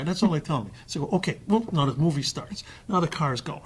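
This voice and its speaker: Husky animated male storyteller. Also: a little high, quick pace. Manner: animated, acts out dialogue in changing voices; restarts and trailing phrases. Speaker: actor and panel guest. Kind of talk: storytelling in a panel discussion.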